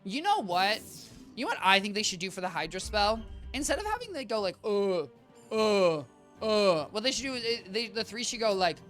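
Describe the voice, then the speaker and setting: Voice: medium pitch, very animated, fast talker, bright, forceful tone, soft background music. A game streamer chatting with viewers in a rambling, chatty way while playing, voice a little worn out. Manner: chatty, rambling, addresses chat as guys.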